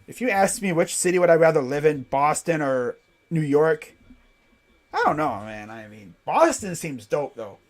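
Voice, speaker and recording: A man streaming casual play-by-play commentary on a basketball game, jumping between quick excited calls and rambling, jokey asides. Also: fairly high pitch. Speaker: live reaction play-by-play streamer.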